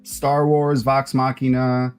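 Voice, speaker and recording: A man's voice: medium pitch, level tone, slow, smooth, soft background music. A man hosting a casual charity livestream, chatty and often laughing. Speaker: livestream host.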